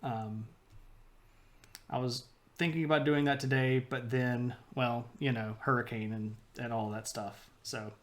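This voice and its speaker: A man chatting casually with his live-stream viewers, rambling and halting as he goes over the schedule. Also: mid-range voice, fairly even intonation. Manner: rambling, halting, talks baby talk to his dog. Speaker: history streamer.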